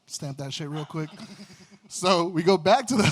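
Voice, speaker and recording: A band member casually telling a story on a livestream, laughing often, swearing, and quoting what people said. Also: male voice, on the high side, lively intonation, measured pace. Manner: laughing, profane, quotes others.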